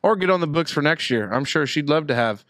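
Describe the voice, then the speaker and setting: Animated Southern Indiana man telling stories. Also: on the high side, a little fast, no echo, clean studio sound. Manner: animated storyteller, acts out quotes. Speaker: podcast co-host. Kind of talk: casual chat, storytelling.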